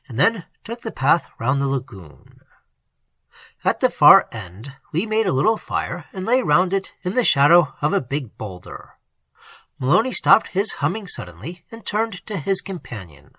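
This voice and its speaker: Narrator: animated, bright, breathy tone, dry close sound. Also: mid-range voice, no echo. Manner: expressive storytelling. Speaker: audiobook narrator. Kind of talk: scripted narration.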